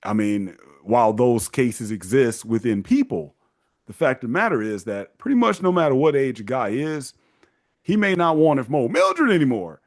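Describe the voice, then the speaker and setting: Animated man hosting a monologue. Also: medium pitch, normal speed. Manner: animated, acts out quoted parents in mocking voices. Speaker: host giving men's advice. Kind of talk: casual monologue.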